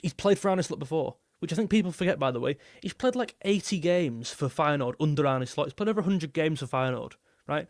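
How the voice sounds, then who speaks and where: Young male streamer for a casual reaction chat; voice sits a little high, loose and repetitive delivery, dry close-miked sound. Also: expressive, brisk, few pauses, no echo. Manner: rambling, repeats himself, reads super chats aloud. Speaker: football YouTuber hosting a live stream.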